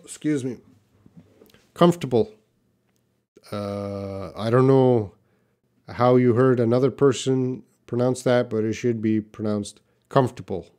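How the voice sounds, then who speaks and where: A man teaching English in a live question-and-answer class, explaining patiently and repeating words slowly for learners. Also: medium pitch, dark tone.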